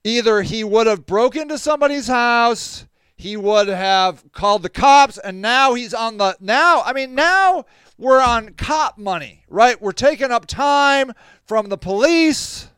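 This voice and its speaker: A man's voice: extremely high pitch, measured pace, clean tone, no room sound, studio quality. A man hosting a podcast, telling stories in a casual monologue, acting out other people's lines and laughing often. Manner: animated, acts out quoted voices, laughs often. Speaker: podcast host.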